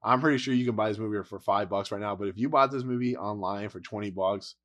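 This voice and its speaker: A man's voice: fairly low pitch, fast, a bit bright. Exasperated man ranting about movies. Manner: blunt, exasperated, rambling with laughs. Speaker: movie reviewer. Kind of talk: casual movie review rant.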